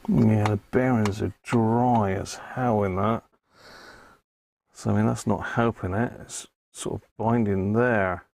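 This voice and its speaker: A man's voice: fairly low pitch, steady tone, slow pace, vocal fry, darkish tone, no room sound. A man streaming live from his workshop, chatting casually and thinking aloud while he repairs an old radio. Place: home workshop.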